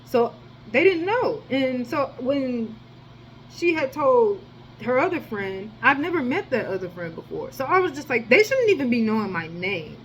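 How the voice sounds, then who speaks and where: A woman telling a rambling personal story in a casual, profane monologue, with sudden jumps in loudness. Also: fairly high pitch, big pitch swings, moderate pace, a little hiss or hum, low-quality recording. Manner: rambling, slangy and profane, with many restarts. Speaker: storyteller vlogger.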